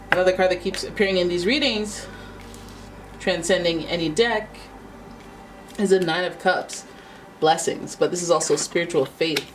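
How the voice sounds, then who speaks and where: Woman doing a tarot reading, kinda low voice, chatty and playful, mic a bit far off w faint hiss. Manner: chatty, playful, exclaiming at cards. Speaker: tarot reader.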